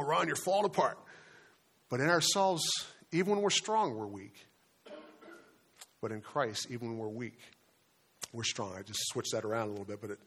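Man, pastor, fifties, earnest sermon, conversational storytelling, slows and hushes for emphasis, mid-pitched voice. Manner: earnest, slows for emphasis, drops to a hush on key words.

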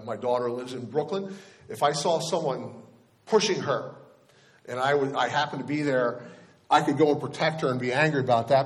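A middle-aged male pastor preaching a conversational sermon, with casual asides and questions to the congregation. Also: mid-range voice.

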